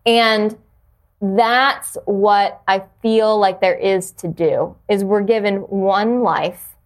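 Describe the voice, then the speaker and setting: A woman at a middle pitch talks earnestly about purpose in a casual interview. Her pace is reflective, and she often restarts phrases while searching for the right words. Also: fairly even intonation, takes it slowly. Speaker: podcast guest, yoga teacher.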